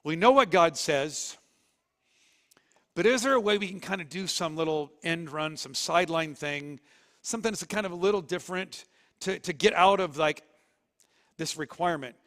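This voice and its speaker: A man preaching a sermon as pastor, in a lively, conversational way with sudden loud bursts. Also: a little high, moderate pace, in a large hall. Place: church sanctuary.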